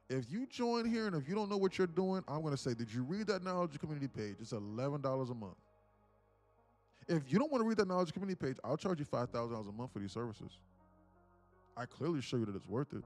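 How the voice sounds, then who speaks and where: A man's voice: mid-range voice, a little mellow. A man hosting a live day-trading stream, chatting casually and rambling, often repeating words as he talks to his viewers. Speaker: day-trading livestream host.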